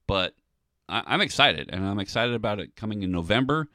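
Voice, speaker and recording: A man's voice: fairly low pitch, lively intonation, brisk, sharp tone, no echo, clean studio sound. A man hosting a solo podcast, talking casually in a rambling way with many ums and restarts. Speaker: podcast host.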